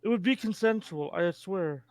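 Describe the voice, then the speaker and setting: High-voiced man cracking crude jokes. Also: moderate pace, darkish tone, no room sound. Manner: jokey, ranting, crude humor. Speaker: co-host friend. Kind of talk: casual chat.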